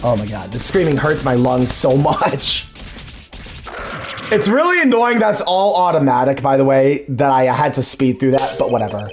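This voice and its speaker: A man's voice: medium pitch, big pitch swings, normal speed, slight background noise. Man grumbling offhand between dubbed lines. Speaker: fan dubber and let's player. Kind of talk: casual aside while dubbing. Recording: faint game music behind.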